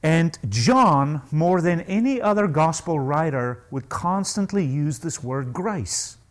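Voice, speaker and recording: Male preacher, high and very lively pitch, emphatic sermon delivery, questions to the congregation. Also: takes it slowly, low-quality recording. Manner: emphatic, swings from low asides to high ringing stresses.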